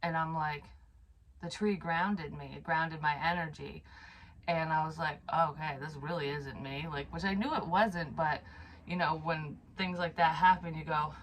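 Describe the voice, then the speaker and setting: A woman's voice: sits low, fairly even intonation, a little slow, a bit bright, a little hiss or hum, rough recording. A woman psychic medium telling a personal story to camera in a casual, frank way, swearing freely, sighing and trailing off mid-sentence.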